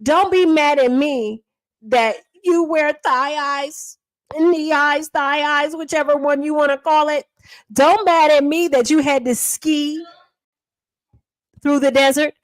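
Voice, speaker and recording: A woman delivering a sassy, mocking roast, taunting with repeated refrains and drawn-out emphasis. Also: sits high, no room sound. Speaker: online commentator.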